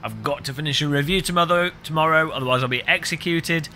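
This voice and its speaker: British man, game streamer, casual rambling chat, deadpan jokes, very bright sharp voice. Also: a little high, fast, a little hiss or hum. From United Kingdom. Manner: rambling, deadpan absurd joking.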